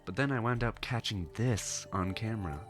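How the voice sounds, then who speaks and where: A man's voice: on the low side, moderate pace, soft background music, close to an everyday voice. A man voicing a young woman who hunts cryptids for online videos, upbeat and chatty, reading game dialogue. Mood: eager. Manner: chipper, chatty, eager.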